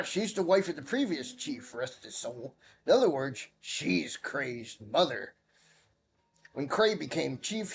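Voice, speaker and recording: A man doing a gruff old cat-folk elder. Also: fairly high pitch. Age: older.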